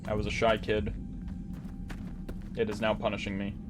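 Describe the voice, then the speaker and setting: A man's voice: fairly low pitch, completely flat delivery, normal speed, music in the background. A young Canadian man giving casual, sweary, joking let's-play commentary. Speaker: gaming video host.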